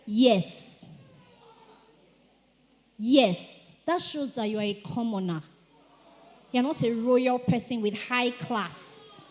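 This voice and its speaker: A woman giving a lively etiquette talk to teenagers at a church retreat, calling on the audience to answer. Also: high-pitched. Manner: animated, asks the audience to respond. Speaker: speaker at a teen church retreat. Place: church hall. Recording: long hall reverb.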